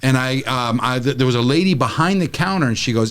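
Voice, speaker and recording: Middle-aged man from California, animated studio storyteller, sits mid-pitch and swings wide when he acts out quotes. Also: fairly quick, hardly any pauses. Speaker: regular guest, the show's dad figure. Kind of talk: casual podcast chat, storytelling.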